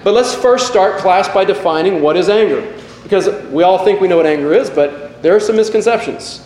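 A man's voice: sits high, fairly quick, a little mellow. A pastor in his forties giving an earnest, self-deprecating sermon in a church hall. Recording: echoey hall with long reverb.

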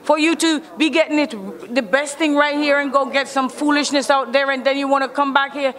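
Brash Jamaican woman, interviewee, high bright voice, long echoing reverb. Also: fairly even intonation, fairly quick. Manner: brash, boastful, loud and teasing. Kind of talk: casual interview talk.

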